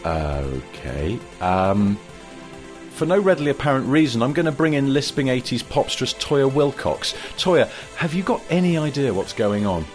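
A man's voice: medium pitch, very animated, normal speed, soft background music. A man hosting a mock talk show in a dry, hesitant way, with many ums and uhs. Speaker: host.

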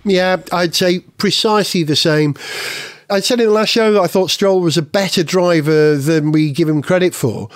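A man's voice: high-pitched, normal speed, dry recording, clean studio sound. A man hosting a motorsport chat show, chatty and wry. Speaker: host.

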